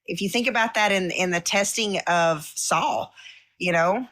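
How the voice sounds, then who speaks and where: A woman leading a casual Bible study discussion, talking in halting bursts with many restarts. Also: medium pitch, fairly bright tone. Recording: dry, cleaned-up audio.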